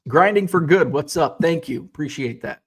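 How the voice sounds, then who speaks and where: A man in his thirties hosting a casual livestream, reading viewer comments aloud and chatting in a relaxed, rambling way, with lots of fillers and restarts, a little tired. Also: a little high, moderate pace, breathy edge. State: yawning, tired. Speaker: card-collecting livestream host.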